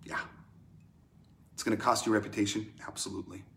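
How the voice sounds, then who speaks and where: A man preaching a sermon in a conversational way, swinging from loud emphatic lines to hushed ones. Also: lowish voice, little pitch movement, a little fast, a little hiss or hum. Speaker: pastor.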